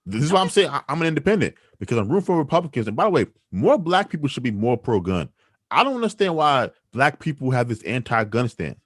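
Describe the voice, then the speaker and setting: A man hosting a podcast, arguing his opinions in an emphatic, animated way. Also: medium pitch, fast, no room sound, clean studio sound. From New York City. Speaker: podcast host.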